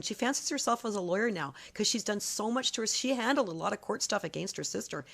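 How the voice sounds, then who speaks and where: A woman's voice: mid-range voice, quick pace, gravelly, hardly any pauses. A woman in a casual vlog, telling a long story in an emphatic, accusatory way, often repeating her points. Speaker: vlogger.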